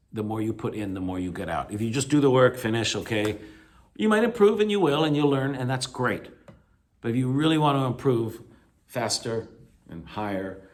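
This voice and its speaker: A man teaching a recorded video lecture, explaining with many fillers and self-corrections and stressing key points. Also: fairly low pitch. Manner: emphatic, encouraging. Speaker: English teacher.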